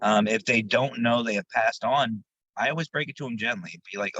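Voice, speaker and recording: A man who investigates the paranormal, a guest on an interview show, telling his stories in a casual, animated way. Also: mid-range voice, moderate pace, breathy edge, no room sound, muffled recording. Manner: animated, jumps into quoted voices, laughs while telling stories.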